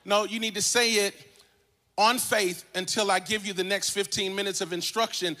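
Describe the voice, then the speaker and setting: A man pastor preaching a sermon in a singsong cadence that rises to shouts, at times dropping into slow, low, deliberate teaching. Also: steady tone. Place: church.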